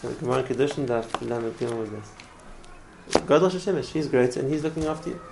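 A man's voice: mid-range voice, a little fast, gravelly, noisy background. A man teaching a religious class in an earnest way, often repeating words and restarting his phrases. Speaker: Torah teacher.

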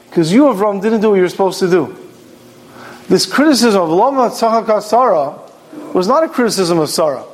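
Animated high-voiced male Torah teacher. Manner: animated storytelling, acts out quoted voices. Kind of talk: Torah class lecture.

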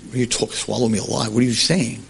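A man's voice: medium pitch, steady tone, racing, gravelly, husky, pitched below the performer's own voice, full character voice. A man voicing a sly stranger who turns out to be a gloating devil, speaking in a scornful, boastful way.

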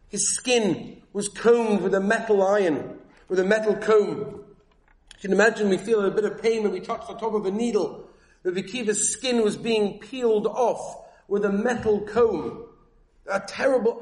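High-voiced man giving an emphatic sermon. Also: reverberant. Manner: emphatic, rising to high pitch when voicing quoted figures. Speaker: rabbi giving a talk. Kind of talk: Torah lecture with Yiddish-inflected Hebrew terms.

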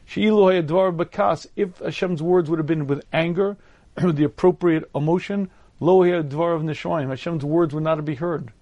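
Throat-clearing man giving a Torah lecture. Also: fairly high pitch, fairly even intonation, darkish tone, no room sound, lo-fi sound. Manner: measured, explanatory delivery.

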